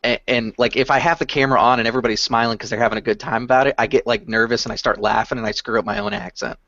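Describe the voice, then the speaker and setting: Male panelist, rapid self-deprecating talker, dull dry headset sound. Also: mid-range voice, steady tone, bright, forceful tone, no room sound. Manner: fast-talking, self-deprecating. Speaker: game master panelist. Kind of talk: casual hangout chat. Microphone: wireless headset. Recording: dull lo-fi video call audio.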